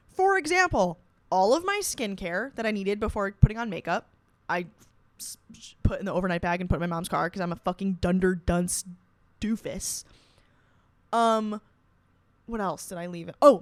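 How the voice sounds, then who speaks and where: A woman's voice: mid-range voice, no echo. A young woman hosting a podcast, telling a story in a casual, profane, self-mocking way. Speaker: podcast host.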